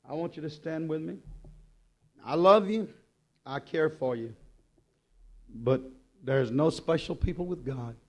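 A man preaching a sermon, impassioned and urgent, then dropping to quiet low passages. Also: a little slow, pauses often.

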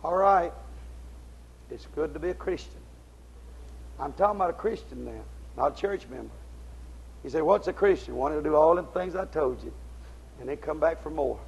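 A man preaching a fiery sermon, in folksy, ungrammatical speech, swinging between shouted exhortation and low, intense tones. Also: moderate pace, vocal fry, pauses often, highs cut off, a little hiss or hum.

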